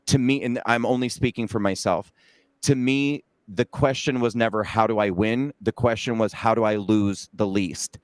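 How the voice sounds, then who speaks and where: A man hosting an interview, talking earnestly with many halting restarts. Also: on the low side, fairly even intonation, no room sound. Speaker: interviewer and host. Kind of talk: emotional interview talk.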